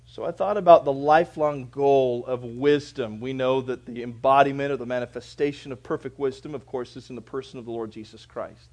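A male pastor preaching a sermon in a church, moving between loud, fervent proclamation and quiet, conversational storytelling. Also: mid-range voice.

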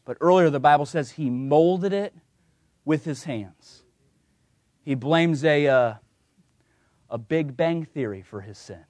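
A man with a fairly high voice preaches a sermon, working in a funny personal story and chuckling along the way. He brings the voices in his stories to life with a lively, shifting tone. The sound is close and dry, with no room echo. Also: slow pace, long pauses. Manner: storytelling with self-deprecating humor and chuckles; acts out quoted voices in a lively, varying tone.

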